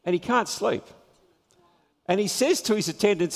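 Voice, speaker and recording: Preacher guy telling a bible story, high voice, chuckly, lotta reverb from the hall. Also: moderate pace, creaky. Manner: animated storytelling, chuckling at his own jokes. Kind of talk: sermon.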